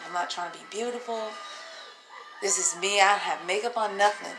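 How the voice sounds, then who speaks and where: Tired, gravelly single mom venting. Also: female voice, medium pitch, fairly quick. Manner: profane, emotional, rambling, laughing to herself. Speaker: single mother vlogger. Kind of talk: raw unscripted vlog monologue.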